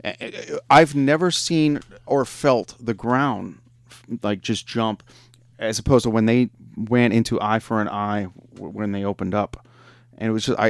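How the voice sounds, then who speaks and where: A man's voice: lowish voice, unhurried, no room sound. A man hosting a music radio show, chatting casually in a laid-back, rambling way and getting enthusiastic about bands. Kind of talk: casual chat.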